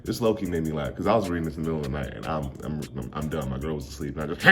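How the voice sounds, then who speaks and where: A man's voice: very deep voice, darkish tone. A young man recapping a comic chapter in a casual, slangy, jokey way with frequent laughs. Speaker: manga reviewer.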